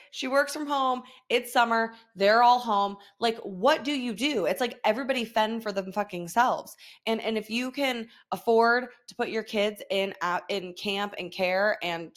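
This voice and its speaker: A woman's voice: a little high, unhurried. A woman, hosting a casual solo podcast, swearing freely, laughing often and mimicking her son. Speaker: podcast host.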